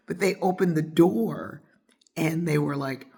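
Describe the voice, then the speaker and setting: Husky woman telling a casual story. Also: normal speed. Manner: animated, acts out friends' voices with whispers and high squeals. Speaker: storyteller host.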